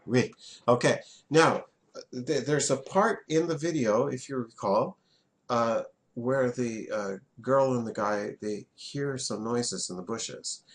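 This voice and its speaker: A man's voice: mid-range voice, slow pace. A man, teaching a French class in a classroom and having students repeat words back.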